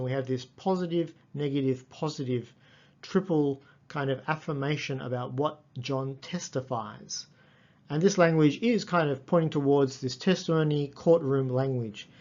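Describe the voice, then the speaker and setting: A man with a fairly high voice gives a lecture, reading passages slowly and then explaining each point with care. The sound is dull and lo-fi. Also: darkish tone. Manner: slow, careful reading of quoted passages with running explanation. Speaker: Greek lecturer.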